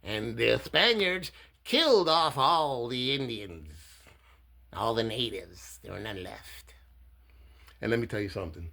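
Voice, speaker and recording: Man, Cuban-born, mid-pitched gravelly voice, blunt impassioned political monologue. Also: lively intonation, a little slow, pauses often. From Cuba. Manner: profane, blunt, swings between low asides and shouting. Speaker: political candidate.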